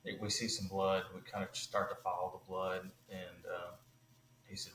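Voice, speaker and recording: A man telling a hunting story on a podcast, animated and loose, full of "like" and "you know". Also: deep voice, normal speed, echoey room, noisy background. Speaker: podcast guest.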